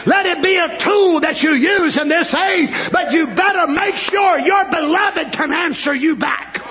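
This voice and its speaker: A man preaching a sermon with fervor, climbing into shouted, rhythmic declarations and acting out voices of people in the story. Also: measured pace, dull audio, a faint crowd. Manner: high, bright preaching voice, rising to shouted fervor.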